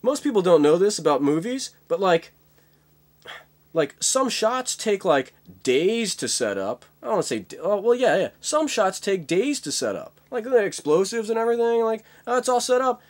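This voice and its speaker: A man's voice: high voice, sing-song, moderate pace. A young man vlogging in a casual, rambling monologue, full of fillers and swearing. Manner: rambling, many fillers, profane.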